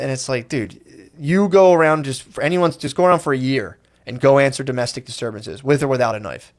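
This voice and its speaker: Dude rambling fast on a podcast, cussing, acting out what people say. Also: male voice, medium pitch. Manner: rambling, swearing, acting out quotes. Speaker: podcast co-host. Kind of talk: casual podcast chat.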